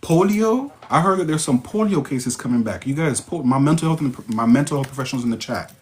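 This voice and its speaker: Casual male livestream host, Jamaican accent, middle pitch, reacts to chat with sudden high outbursts. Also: quick pace. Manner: excitable, interjects sudden high-pitched exclamations. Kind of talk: casual livestream chat reading viewer comments.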